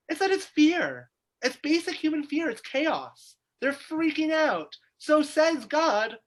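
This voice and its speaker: A man's voice: extremely high pitch, big pitch swings, normal speed, a bit bright. A man, teaching a weekly Torah class as a rabbi over a video call, explaining by asking questions aloud. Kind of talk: lively text study lecture.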